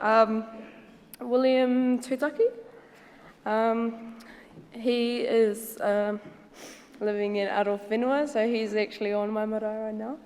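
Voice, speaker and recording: A woman's voice: a little high, steady tone, measured pace, big-room sound. A woman with a New Zealand accent giving a personal presentation at a symposium, speaking casually and hesitantly with many ums and Māori words mixed in.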